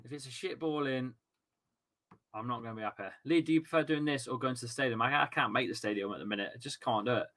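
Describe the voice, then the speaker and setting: A man hosting a live football watchalong stream, reacting loudly to the match and chatting with his viewers in a casual, excitable way. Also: mid-range voice, fast. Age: adult with a young son. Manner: excitable, shouts and swears at the match, chats with viewers. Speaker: livestream watchalong host.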